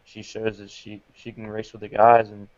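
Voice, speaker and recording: A man's voice: lowish voice, monotone, moderate pace, dry recording, highs cut off. A man answering as a podcast guest, laid-back and a little hesitant, over a remote call line. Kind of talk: casual interview chat.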